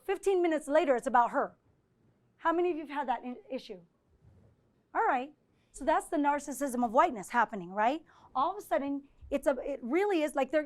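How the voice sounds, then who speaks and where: A woman with a high voice giving a live lecture. She talks in a conversational, animated way and keeps checking in with her listeners. She takes their questions as she goes. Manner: conversational, often checks in with 'right?'; animated, acts out quoted exchanges. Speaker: visiting professor giving a presentation.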